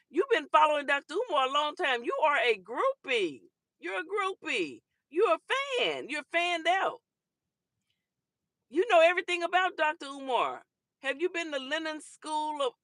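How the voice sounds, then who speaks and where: Woman host on a livestream, bright voice, teasing the chat, dry close sound. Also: high-pitched, no echo. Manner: teasing, animated, laughs often. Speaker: talk show host. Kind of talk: casual livestream chat, answering commenters.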